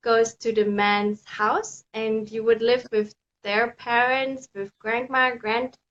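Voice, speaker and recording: Woman, live-stream host, casual chat, somewhat high voice, slightly dull sound. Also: flat delivery, takes it slowly, fairly bright tone. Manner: chatty, reads viewer comments aloud, laughs often.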